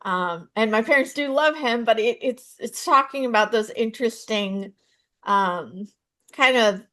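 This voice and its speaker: A woman in her thirties, a stand-up comedian and psychotherapist, answering interview questions with animated storytelling. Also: fairly high pitch, measured pace. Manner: animated storytelling, acts out voices in her jokes.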